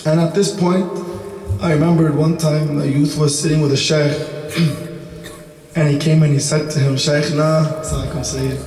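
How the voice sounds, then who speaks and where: A man with a hoarse, partly lost voice giving a measured religious lecture, repeating his points for emphasis. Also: a little high, flat delivery, a little mellow. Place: large mosque or community hall. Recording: distant mic in echoey hall.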